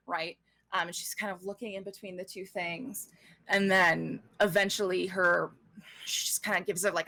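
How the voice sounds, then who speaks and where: A woman runs a tabletop game, narrating scenes in a bright, forceful voice full of fillers and restarts. The close, dry recording has no room sound. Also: fairly low pitch, no room sound. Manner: descriptive, with frequent fillers and self-corrections. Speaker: game master.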